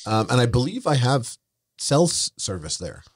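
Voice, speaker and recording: A man's voice: medium pitch, big pitch swings, moderate pace. A young man co-hosting a podcast, chatting loosely, swearing and acting out what others said. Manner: rambling, swears, acts out quotes of others. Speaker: podcast co-host. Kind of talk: casual chat.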